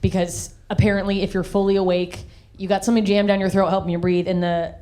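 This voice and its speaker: A woman from the American South doing a live stand-up comedy set on a handheld stage mic, brash, swinging her voice high and low for punchlines. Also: little pitch movement, fast, dark tone. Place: live comedy venue with audience. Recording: live show with crowd laughter. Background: audience laughter.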